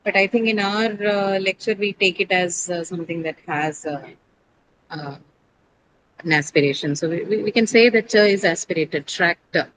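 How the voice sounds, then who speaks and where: A woman teaching pronunciation in a classroom. She explains step by step, quizzes her students, stops to correct herself and often pauses on fillers. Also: lowish voice, fairly bright tone, a little hiss or hum, rough recording.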